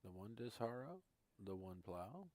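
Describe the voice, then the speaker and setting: A man's voice: lowish voice, sing-song, measured pace, darkish tone, dry recording. A man chatting casually with viewers while he tours a farming game live, thinking aloud as he goes. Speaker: gaming streamer. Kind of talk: casual live-stream commentary.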